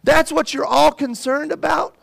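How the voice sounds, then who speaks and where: A man's voice: extremely high pitch, steady tone, normal speed, vocal fry, a bit bright, no echo, voice pushed up, full character voice. A man preaching, voicing a sorrowful savior who scolds and pleads with a city. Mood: exasperated. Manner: exasperated, pleading, then grave. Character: grand, sorrowful male savior lamenting.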